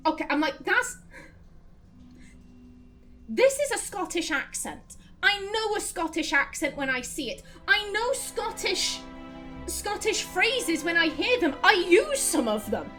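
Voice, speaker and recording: A woman's voice: extremely high pitch, big pitch swings, a little slow, bright, forceful tone, faint music behind. A woman hosting a let's play, chatting animatedly through casual gameplay commentary and reading dialogue aloud.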